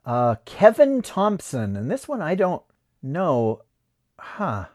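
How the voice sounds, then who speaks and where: Chatty podcast host with a lively voice. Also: male voice, on the high side, slow pace, very noisy. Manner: chatty, reads names off a list and looks them up. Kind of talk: casual chat.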